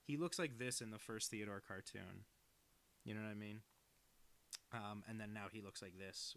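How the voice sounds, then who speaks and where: A creaky, fairly low-pitched voice belongs to a young adult cartoonist who chats on stream as he draws. His talk wanders, stays casual, and leans self-deprecating.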